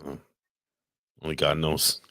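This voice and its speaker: A man's voice: a bass voice, monotone, bright, forceful tone, dry recording, studio quality. A man co-hosting a podcast in casual, crude banter, teasing and swearing freely. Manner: profane, teasing, questions rapidly. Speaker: podcast co-host. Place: podcast studio.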